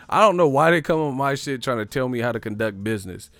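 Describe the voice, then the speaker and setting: A man's voice: mid-range voice, lively intonation, a little fast, a bit bright, dry recording. A brash man hosts a livestream, swearing freely and laughing as he rants at his viewers. His voice sits mid-range and sounds dry and close, with faint music underneath. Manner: profane, brash, laughs often. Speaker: livestream host. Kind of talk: casual livestream rant.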